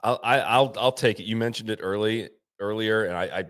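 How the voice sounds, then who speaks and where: A man's voice: on the low side, fairly quick. A middle-aged man hosting a podcast, telling stories in casual chat and acting out the quoted lines. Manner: animated storyteller, acts out quotes. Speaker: podcast host.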